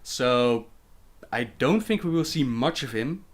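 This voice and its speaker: A man's voice: mid-range voice, lively intonation, takes it slowly. A young man with a Dutch accent, hosting a casual livestream where he reads viewer questions aloud and answers them chattily.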